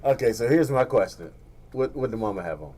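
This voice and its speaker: A man's voice: medium pitch, lively intonation, brisk, dark tone. A man co-hosting a casual podcast, interrupting to ask probing questions. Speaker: podcast co-host.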